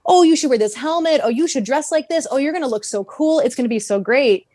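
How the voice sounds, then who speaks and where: A woman's voice: high voice, expressive, fast talker, warm tone, dry recording, studio quality, voice pushed up. A woman putting on a mocking, sing-song voice as a sweet-talking, manipulative male mentor.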